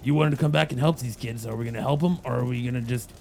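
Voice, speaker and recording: A man plays his character in a tabletop game, earnest and low-key. His voice is gravelly, with a lot of fry. Faint noise sits behind him. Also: racing, darkish tone. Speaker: player.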